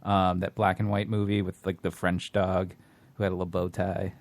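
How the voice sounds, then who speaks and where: A man's voice: low voice, flat delivery, normal speed. A man co-hosting a podcast in casual chat, dry and opinionated. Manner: dry, opinionated, matter-of-fact. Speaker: podcast co-host.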